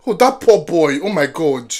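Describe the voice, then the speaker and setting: Woman yelling at a movie on screen. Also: deep voice, big pitch swings, moderate pace, faint music behind. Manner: exclaims and yells at the characters on screen; talks back to the film with slangy asides. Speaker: movie reaction host. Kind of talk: first-time movie reaction.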